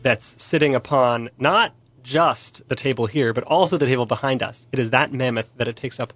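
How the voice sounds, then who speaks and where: A man's voice: medium pitch, normal speed, fairly bright tone. A man hosting a radio gaming talk show, bantering casually and teasing his cohost. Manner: joking, rambling, teasing cohost. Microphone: studio microphone. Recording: dry, slightly dull radio studio sound.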